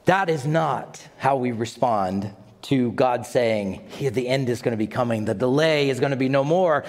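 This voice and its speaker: A man preaching a sermon to a congregation, animated and dramatic, with asides to his listeners. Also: mid-range voice, normal speed, long reverb tail. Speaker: pastor.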